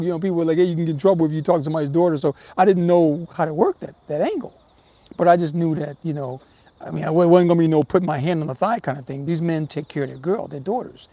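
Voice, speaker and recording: Gravel-voiced man ranting on a livestream. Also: sits high, quick pace, mellow. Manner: profane, rambling, addresses viewers as brothers. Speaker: livestream host. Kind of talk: casual livestream talk. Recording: slightly dull, faint background hiss.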